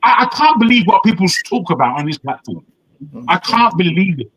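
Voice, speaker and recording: A man's voice: high-pitched, big pitch swings, fairly quick, a bit bright, breathy edge, no echo, low-quality recording. A man from Nigeria, hectoring a panel with heated rhetorical questions. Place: living in the West.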